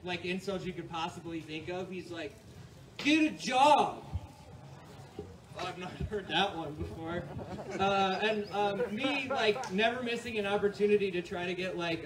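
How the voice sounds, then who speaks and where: A man's voice: high voice, steady tone, normal speed. A man from New York doing a rambling, profane stand-up set on a club stage, often laughing at his own jokes. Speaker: stand-up comedian. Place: comedy club stage with audience. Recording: distant mic, noisy live room.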